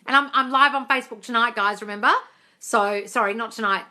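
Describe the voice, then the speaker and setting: Bright-toned woman calling everyone darling. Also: on the high side, brisk. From Australia. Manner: breezy and blunt, calls viewers darling, swears casually. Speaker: manifestation coach on a live stream. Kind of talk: casual live Q&A, reading viewer comments.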